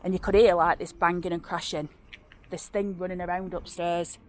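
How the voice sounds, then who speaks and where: A woman with a lowish voice and flat delivery talks at normal speed. In a Northern English accent, she recounts local hauntings outdoors by a road, rambling and chatty, with frequent fillers and restarts.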